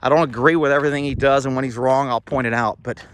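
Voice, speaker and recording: A man's voice: medium pitch, fairly even intonation, fast talker, a bit bright, slight background noise. Rambling man, a bit breathless. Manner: rambling, blunt, chuckling asides. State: slightly out of breath. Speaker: vlogger. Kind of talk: casual walking monologue. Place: outdoors on rural property. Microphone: phone held while walking.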